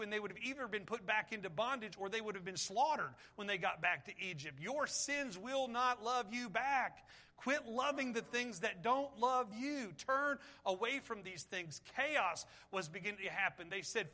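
Bright, high-voiced impassioned male preacher. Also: animated, fairly quick. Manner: impassioned, pleading, rhetorical questions. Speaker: pastor. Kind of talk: sermon.

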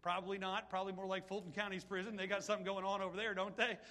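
High, bright-voiced preacher man. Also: rapid-fire. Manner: animated preaching, reads scripture aloud, asides to the congregation. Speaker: pastor. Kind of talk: sermon.

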